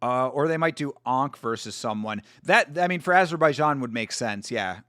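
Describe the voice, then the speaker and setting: A man's voice: medium pitch, lively intonation, normal speed, pushed and bright, no echo, clean studio sound. A man hosting a fight watch-along livestream, chatting casually and rambling with restarts and the odd swear.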